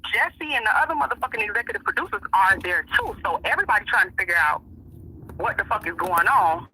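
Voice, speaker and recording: A woman's voice: mid-range voice, bright, forceful tone, a little hiss or hum, poor audio. A woman being interviewed, telling a story in casual, emphatic, profane talk and acting out what other people said. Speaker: interview guest.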